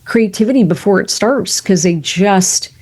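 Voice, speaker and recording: A woman speaking as a podcast guest, an animated storyteller who tosses in quick asides and jokes. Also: mid-range voice, breathy edge. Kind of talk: lively conversational interview.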